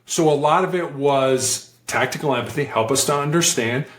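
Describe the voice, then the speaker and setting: There's reverb on this man's mid-range voice, which moves at a normal speed. Once a hostage negotiator, he's being interviewed and tells stories in a conversational, animated way, playing out the voices of those he quotes.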